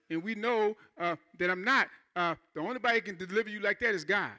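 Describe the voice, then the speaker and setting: His sharp voice sits high as he preaches, talking casually to the churchgoers and dropping in swift imitations of members.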